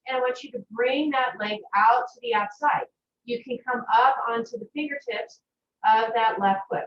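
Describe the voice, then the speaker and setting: A woman teaching a yoga class over a video call, giving slow, gentle, soothing cues. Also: fairly high pitch, slight background noise. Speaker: yoga instructor. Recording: far-off, echoey, muffled video-call audio.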